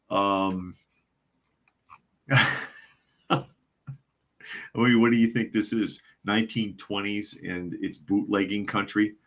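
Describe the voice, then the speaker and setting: A man with a low, deep voice hosts a live news chat podcast. He reads out viewer comments and chuckles through them, and he answers in a wry, skeptical tone. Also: fairly bright tone. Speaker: podcast host.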